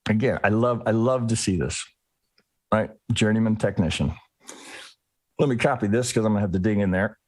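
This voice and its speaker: A man's voice: fairly low pitch, normal speed, long pauses, dry recording. A man teaching a live trading lesson, talking through charts and acting out traders' inner thoughts. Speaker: trading educator.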